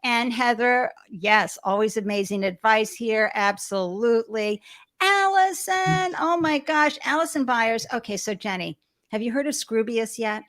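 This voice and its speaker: A woman's voice: on the high side, moderate pace. Effusive woman hosting a live show. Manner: effusive, gushing, shouts out viewers. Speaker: show host. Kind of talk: live-stream interview show. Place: home studio with balloons behind.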